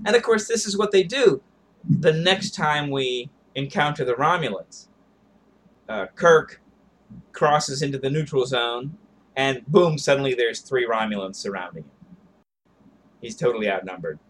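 A man's voice: mid-range voice, unhurried, a bit bright. A man co-hosting a podcast, talking through ideas in a thoughtful, digressive way. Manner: thoughtful and digressive, musing on tactics and history. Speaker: podcast co-host. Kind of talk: casual discussion.

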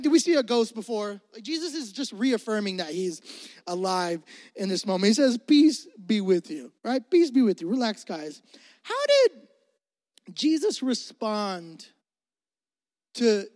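Male pastor, high voice, energetic joking sermon, long hall reverb.

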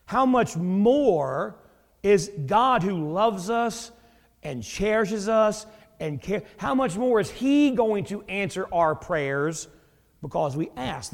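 A man's voice: high voice, in a large hall. A man preaching a sermon in a folksy, joking, conversational way. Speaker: pastor.

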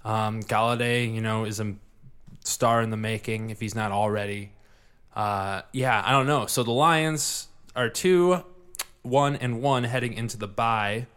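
A laid-back man hosts a casual podcast, chatting loosely and breaking into easy laughter. His talk rambles comfortably between topics, with filler and restarts typical of relaxed conversation. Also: lowish voice, a little slow, clean tone. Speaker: podcast host. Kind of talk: casual chat.

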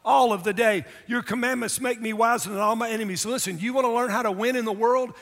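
Middle-aged male pastor, high voice, emphatic sermon delivery, long reverb of a big hall. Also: steady tone, quick pace, a bit bright. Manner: emphatic, calls for audience response.

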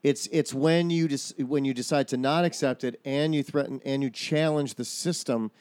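A man's voice: medium pitch, steady tone, normal speed, darkish tone, clean tone, dry recording. A man in casual chat, talking through his own theories at length, often restarting his sentences.

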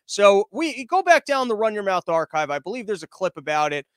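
A man hosting a live-streamed podcast, ranting loudly and sarcastically, a bit out of breath from pacing and yelling. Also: high-pitched, sing-song, a little fast, no room sound, studio quality. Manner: sarcastic, loud, mocking. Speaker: podcast host.

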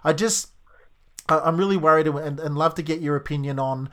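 Man, radio host, slightly higher pitch, opinionated, fan-like. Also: fairly quick, a bit bright. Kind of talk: casual radio chat.

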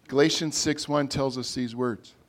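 A man, a pastor, preaching a sermon in a conversational way, his loudness rising and falling as he makes his points. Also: mid-range voice, steady tone, normal speed.

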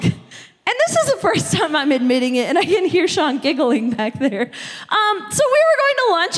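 A woman's voice: extremely high pitch, fairly bright tone. A young woman from the United States who preaches a conversational sermon as a youth pastor and keeps checking in with "okay?". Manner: conversational, repeatedly asking "okay?". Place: church hall. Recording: long church hall reverb.

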